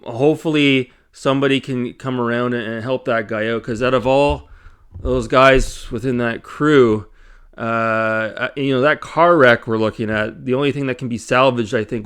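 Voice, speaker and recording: A man's voice: medium pitch, smooth. A man hosting his own channel, chatting casually from his home games room with rambling asides and lots of fillers. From Canada. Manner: rambling, many fillers, animated retelling. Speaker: YouTube channel host. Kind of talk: casual vlog chat.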